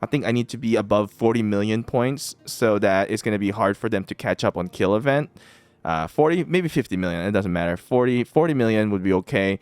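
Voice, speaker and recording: A man's voice: on the low side, fairly quick, a little mellow, clean tone, no room sound. Chatty man who laughs a lot. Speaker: mobile game streamer. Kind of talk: casual gameplay commentary.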